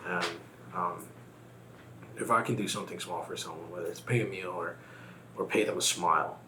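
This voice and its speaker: A man's voice: deep voice, moderate pace, noisy background. A man from Texas, a guest in a casual conversation, talking reflectively and telling a personal story.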